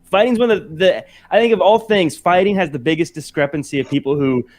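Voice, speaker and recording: A man co-hosting a casual debate show, thoughtful and halting, restarting sentences as he works out a point. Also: a little high.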